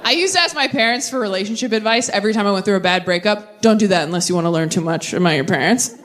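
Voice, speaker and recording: A woman in her thirties doing stand-up with crowd work, self-mocking and quick with asides, on a club stage. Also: mid-range voice, a bit bright, slight background noise. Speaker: stand-up comedian. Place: comedy club stage with audience.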